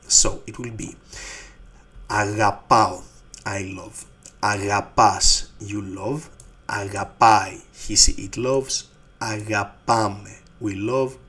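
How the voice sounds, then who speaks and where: Husky-voiced Greek-accented male teacher. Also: lowish voice, fairly even intonation, fairly bright tone. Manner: slow, patient, repeats each word. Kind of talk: online language lesson.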